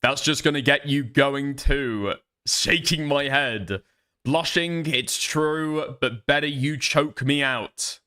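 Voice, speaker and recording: A man's voice: mid-range voice, animated, takes it slowly, long pauses, sharp tone, clean tone. A man streaming live, reacting to a clip with profane, exasperated commentary and laughing asides.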